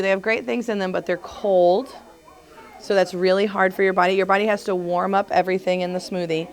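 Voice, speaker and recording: A woman chiropractor leading a casual group talk, chatty, laughing often and acting out what her patients say. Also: mid-range voice.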